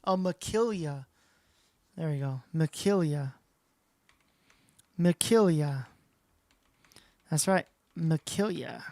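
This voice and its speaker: A woman's voice: sits low, expressive, takes it slowly, pauses often, darkish tone, no room sound. Chatty woman streaming a game. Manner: chatty, reacts aloud to the match. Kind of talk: casual livestream commentary.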